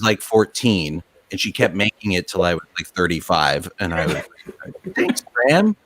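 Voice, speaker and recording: A man co-hosting a casual chat over a video call, teasing and quick to laugh. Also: fairly low pitch, fairly bright tone, no echo. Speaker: co-host.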